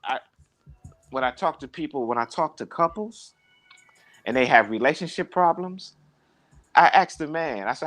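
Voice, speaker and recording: A man with a lively, swooping voice talks in a casual chat, preaching and telling anecdotes. He acts out the voices of the people he quotes in them. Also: medium pitch, moderate pace, pauses often. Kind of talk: casual conversation, storytelling.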